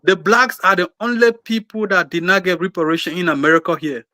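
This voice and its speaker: A man's voice: high voice, a little fast, sharp tone, no room sound. A man with a Liberian English accent arguing emphatically on a talk-show panel, repeating words as he builds his point. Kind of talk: heated talk-show discussion.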